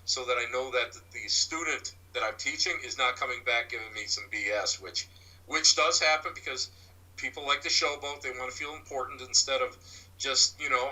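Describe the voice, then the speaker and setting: Male psychic-medium guest: sharp, bright voice, slightly off-mic, halting anecdotal delivery. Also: mid-range voice, far from the mic, poor audio. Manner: halting, repeats and restarts words. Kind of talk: rambling anecdotal storytelling.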